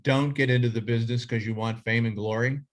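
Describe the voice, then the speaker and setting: A man's voice: medium pitch, fairly even intonation, fast talker. A middle-aged man who leads a journalism association, speaking in a casual, rambling way full of fillers and restarts. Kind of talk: casual reflective talk.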